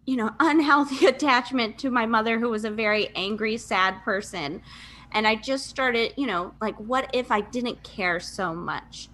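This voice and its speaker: Her voice mid-range, bright, and forceful, a woman in her thirties from Michigan recounts her life on a podcast as a guest. The interview is relaxed and chatty, punctuated by frequent laughter and plenty of "like."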